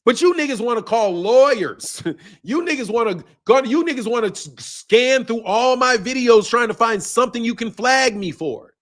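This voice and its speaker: A man's voice: very high-pitched, expressive, moderate pace, fairly bright tone. A man hosting a boxing live stream, answering viewers' comments in a blunt, combative, profane way and laughing often. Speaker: boxing channel host.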